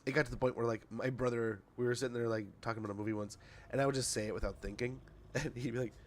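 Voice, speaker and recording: A man's voice: mid-range voice, steady tone, very fast, a little hiss or hum. A male streamer in casual livestream chat, reading patch notes aloud, rambling, tripping over words and laughing at himself.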